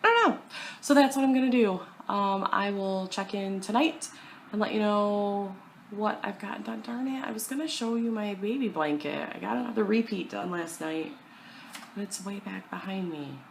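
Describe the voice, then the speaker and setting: A woman's voice: mid-range voice, moderate pace, creaky, slight background noise, rough recording. A young woman chatting casually at home to her camera about her cross-stitch plans, self-deprecating and full of fillers.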